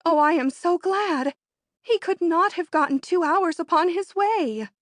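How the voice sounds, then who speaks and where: A woman reading an audiobook, voicing an excitable young society woman who speaks in high, emphatic exclamations. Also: a little slow, dry recording. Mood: excited. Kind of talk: audiobook character voice.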